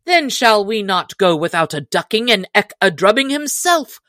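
A woman voicing an eager young outlaw man who calls out in a high, excited voice. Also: slow, no room sound, studio quality, heavily acted.

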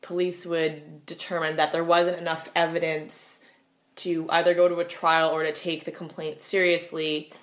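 A woman co-hosting a discussion podcast, explaining things in a measured way with fillers. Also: low voice, level tone. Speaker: podcast co-host.

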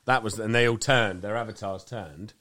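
A man's voice: fairly low pitch, moderate pace, pushed and bright, a little hiss or hum. Crude, boisterous man. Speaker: podcast co-host. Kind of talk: casual banter.

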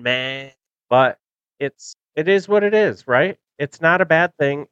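A man's voice: mid-range voice, sharp tone, no echo, lo-fi sound. A middle-aged man hosting a podcast in casual chat, rambling and nostalgic with many fillers, close to the mic. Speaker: podcast host.

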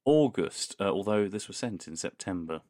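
Deep-voiced man, lively and wry. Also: moderate pace, no room sound, clean studio sound. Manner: playful, laughing often, wry asides. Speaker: podcast co-host. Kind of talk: casual chat, reading listener emails.

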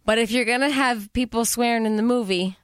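A woman's voice: on the high side, fairly quick, clean tone, dry recording, studio quality. A woman co-hosting a podcast, chatting casually about a movie and acting out lines. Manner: animated, swears, acts out lines. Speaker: podcast co-host. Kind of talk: casual movie review chat.

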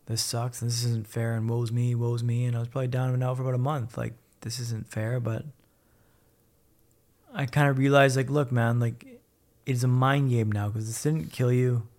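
A man's voice: mid-range voice, darkish tone. A man telling his own story as a podcast guest, blunt and upbeat, swearing freely. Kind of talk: casual candid storytelling.

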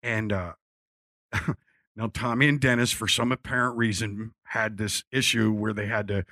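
A man's voice: fairly low pitch, steady tone, moderate pace, pushed and bright, no room sound. A man from Philadelphia telling a casual story, acting out quotes and swearing freely. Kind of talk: casual anecdote.

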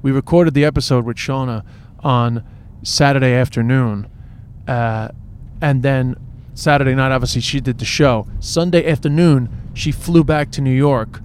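Traffic and passing trains surround this Irish man as he co-hosts a podcast from a car in motion. His medium-pitched voice holds a steady tone at a normal speed with few pauses, though his chatty talk is loose and full of restarted phrases.

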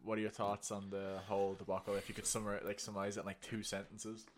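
Young irish lad, lowish voice, blunt, jokey, swears a lot, chatting with mates. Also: male voice, completely flat delivery, fast talker, a little hiss or hum. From Ireland. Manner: blunt, joking, swears freely. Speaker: podcast guest. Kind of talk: casual chat.

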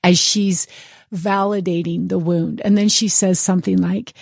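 A woman's voice: lowish voice, fairly even intonation, measured pace, vocal fry, darkish tone, dry recording, studio quality. A woman hosting a book chat, reflective and affirming as she talks. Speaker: podcast host. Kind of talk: casual chat.

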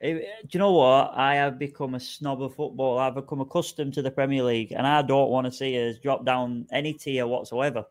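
A man's voice: mid-range voice, fairly even intonation, brisk, hardly any pauses. A man co-hosting a football podcast, giving blunt opinions and swearing casually. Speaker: podcast co-host.

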